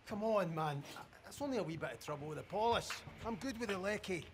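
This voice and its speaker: An actor playing a weary rig electrician with a Scottish accent, pleading and trying to smooth things over. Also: male voice, high voice, expressive, a little fast, background noise. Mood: defensive. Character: weary male rig electrician under pressure.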